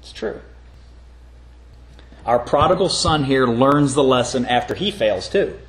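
A middle-aged man preaching a sermon, telling stories earnestly and rising into emphatic, pitched-up points. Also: lively intonation, normal speed, echoey room. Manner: earnest storytelling with sudden emphatic rises. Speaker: pastor.

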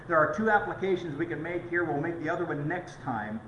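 A middle-aged pastor preaching a conversational sermon with stories. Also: male voice, a little high, animated, a little fast, hardly any pauses, a bit bright, muffled recording, a little hiss or hum. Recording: echoey room.

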